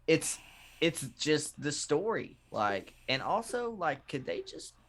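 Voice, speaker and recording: A man's voice: fairly high pitch, slow pace. A man with a Texan accent co-hosting a wrestling podcast, joking and swearing in casual chat. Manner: profane, joking, animated. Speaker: podcast co-host.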